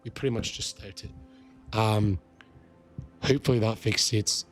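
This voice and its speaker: A man live-streaming a game, chatting with viewers, shouting excited greetings and swearing. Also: fairly low pitch, measured pace, faint music behind. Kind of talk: live-stream chat while gaming.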